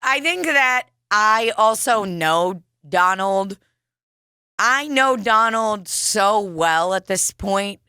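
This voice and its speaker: A woman with a St. trades stories on a comedy podcast, blunt and profane, breaking into laughter often. Her voice is bright and forward, recorded close and dry. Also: mid-range voice, lively intonation, takes it slowly, smooth, no echo. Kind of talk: casual comedic chat.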